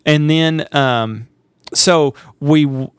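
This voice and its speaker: A man telling a story on a podcast, animated and laughing as he acts out quotes. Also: a little high, very slow, clear, resonant tone, no room sound, studio quality. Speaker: podcast co-host. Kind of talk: casual storytelling chat.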